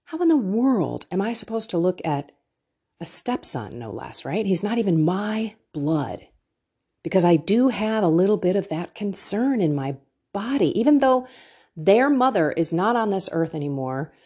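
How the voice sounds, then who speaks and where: Emotional, lively woman faith host. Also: medium pitch, moderate pace, husky. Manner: emotional, candid, storytelling with quoted dialogue. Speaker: Christian talk host. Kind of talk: personal faith talk to listeners.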